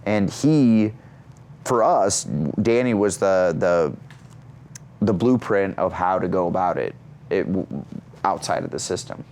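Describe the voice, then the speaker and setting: A man in his thirties, an actor and comedian, telling stories in an interview with lots of energy and self-mockery, jumping up high for quoted lines. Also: animated, a little slow, a little mellow. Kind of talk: animated storytelling in an interview.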